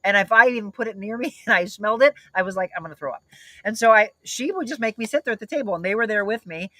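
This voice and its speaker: A woman host from South St. Louis chats casually and tells family stories, laughing often. Her voice is bright and forward. The sound is close and dry. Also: a little high, fast talker, dry recording, low-quality recording. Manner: lively storyteller, laughs often. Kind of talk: casual chat.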